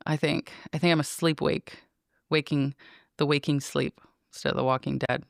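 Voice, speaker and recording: In a clean, dry studio recording, a middle-aged podcast host talks on her own to listeners. Her deep, creaky voice keeps a fairly even intonation at a moderate pace while she meanders along, teasing herself playfully.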